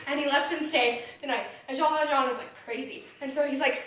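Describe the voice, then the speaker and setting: A woman giving a casual, animated plot recap and acting out the characters' lines. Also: sits high, moderate pace, slight background noise. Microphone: phone. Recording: echoey room, far from phone mic.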